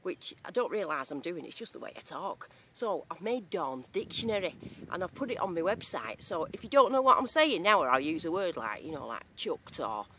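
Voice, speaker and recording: Her lowish voice is bright and forceful, swinging widely in pitch and moving a little fast, with slight background noise. She's an Englishwoman with a strong regional accent, casually narrating a slang-heavy, jokey vlog while metal detecting in a field.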